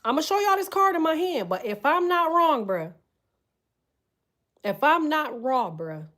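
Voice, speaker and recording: A woman giving a loud, animated, profanity-filled casual tarot reading, full of slang. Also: high-pitched, unhurried, long pauses. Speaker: tarot reader.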